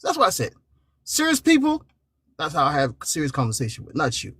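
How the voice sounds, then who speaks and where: A man's voice: a little high, huge pitch swings, fairly quick, bright, forceful tone, breathy edge, no room sound, clean studio sound. A man on a live debate panel, arguing emphatically and mocking his opponent, laughing between jabs. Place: at home.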